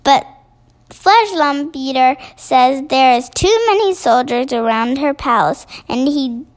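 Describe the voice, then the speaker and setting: A woman reading the part of a big, gentle male giant who mangles his grammar, in a storybook reading. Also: high-pitched, takes it slowly. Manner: odd made-up words, broken grammar.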